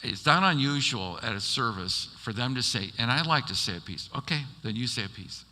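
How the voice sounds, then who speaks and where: A man's voice: mid-range voice, animated, fairly quick, pushed and bright. A man pastor preaching a sermon, telling stories animatedly and acting out the people he quotes. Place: church sanctuary. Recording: long church hall reverb.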